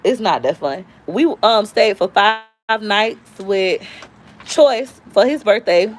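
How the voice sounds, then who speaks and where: A lively woman, chatting through stories on a live stream. Her voice sits mid-range, and she jumps to squealy highs when she acts out other people. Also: takes it slowly. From Tampa, Florida. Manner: animated storyteller, squeals high when quoting. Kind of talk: casual storytelling chat.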